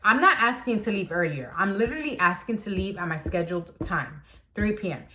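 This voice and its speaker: Animated young woman telling a story. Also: medium pitch, fairly quick. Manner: animated, acts out dialogue, exclamatory. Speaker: vlogger. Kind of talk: casual storytime.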